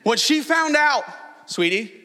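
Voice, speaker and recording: A man in his thirties preaching a sermon in a large church, telling stories with animated energy that climbs to near-shouts. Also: high voice, normal speed. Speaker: pastor. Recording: long hall reverb.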